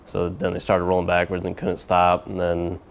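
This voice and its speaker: A man's voice: deep voice, monotone, normal speed, creaky, slight background noise. A man, an airman, steadily recounting an incident in an interview. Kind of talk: interview recollection.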